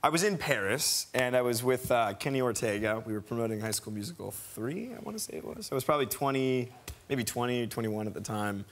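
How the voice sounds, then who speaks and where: A young adult man, a talk show guest, telling a rambling, animated anecdote in a TV studio on a lapel mic. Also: mid-range voice, brisk. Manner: rambling, animated storytelling with laughs.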